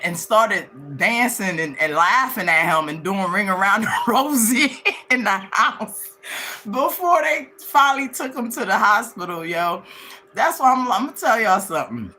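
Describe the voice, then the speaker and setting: A woman hosting a livestream, telling a personal story to her viewers in a candid, slangy way and jumping up high to act out what others said. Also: measured pace. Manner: animated, swings into high acted-out quotes of others; candid, slangy, laughs as she talks. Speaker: livestream host.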